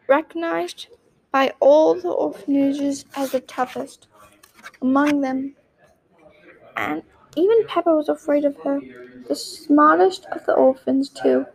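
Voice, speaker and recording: A woman's voice: high voice, creaky, darkish tone, low-quality recording. A woman reading a storybook aloud, with small slips and restarts.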